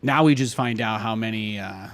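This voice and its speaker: A man's voice: lowish voice, normal speed, fairly bright tone. A man in his thirties streaming a strategy game, chatting casually and repeating himself, now and then getting heated. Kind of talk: casual live game commentary.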